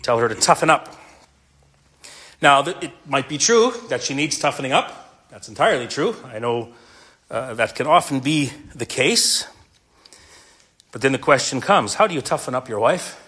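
A man's voice: medium pitch, lively intonation, moderate pace, long pauses, pushed and bright, slightly rough. A middle-aged male pastor delivering a sermon to men, earnest and mixing in a humorous personal story.

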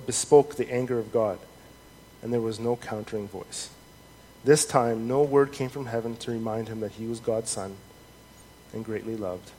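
A man preaching a sermon in an earnest, measured way, reading scripture aloud with rising emphasis. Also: mid-range voice, darkish tone. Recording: long hall reverb, faint noise.

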